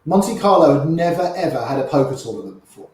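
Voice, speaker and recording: An older man, a poker player, telling long anecdotes with lively quoted voices. His voice sits a bit high for a man. He sounds boomy and echoey, as if in a big hard room. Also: slight background noise. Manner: animated raconteur, quotes people in quick little voices. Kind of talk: anecdotal storytelling.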